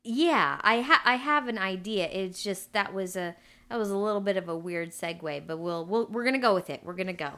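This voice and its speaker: A woman's voice: medium pitch, animated, brisk, sharp tone. Woman cohosting a podcast, easygoing chatty banter, goes along with stuff. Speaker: podcast co-host. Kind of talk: casual chat.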